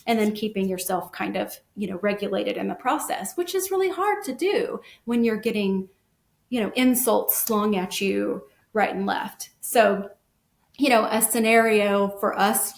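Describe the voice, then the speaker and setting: A middle-aged woman, a guest parent, telling her experiences in an earnest, animated way in a casual podcast chat. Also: medium pitch, vocal fry. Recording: echoey room.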